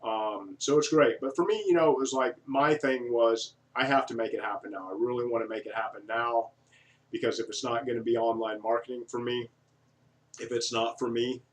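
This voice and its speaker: A man's voice: mid-range voice, fairly even intonation, brisk. A man vlogging in a casual, digressive monologue, folksy and full of fillers. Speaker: vlogger reviewing an online business offer. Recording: voice from a distance from the mic.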